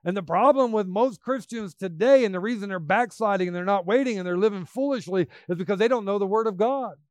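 A man preaching a sermon, emphatic, swinging between loud bursts and quiet asides. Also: high voice, no echo.

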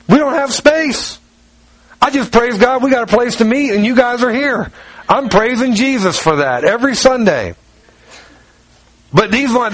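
A man with a high voice preaches an informal, rambling sermon. He talks like a chat, full of restarts and slang. The sound is dry and close. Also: a bit bright, dry recording, poor audio. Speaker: pastor. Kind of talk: conversational sermon.

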